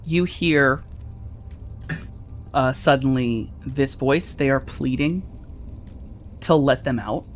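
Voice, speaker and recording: A man's voice: medium pitch, slow, pauses often, slight background noise. Man narrating a tabletop game. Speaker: game master.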